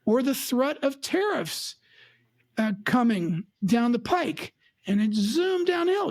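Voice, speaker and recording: A woman's voice: on the high side, takes it slowly, dry recording. A woman who works as a financial advisor, talking emphatically on an advice chat show and acting out her clients' voices. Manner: emphatic, lively, mimics clients.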